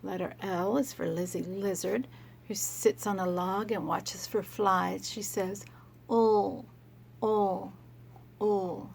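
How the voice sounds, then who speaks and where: Woman teacher, slow and slightly gravelly, gentle phonics lesson for kids. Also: mid-range voice, fairly even intonation, slight background noise. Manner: slow, gentle, sounding out letters for children.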